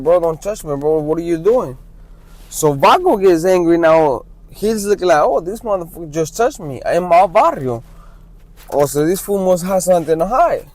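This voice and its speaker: A man's voice: a little high, a little mellow, no room sound, low-quality recording. A man casually telling a true street story, with loose restarts and "right?" asides.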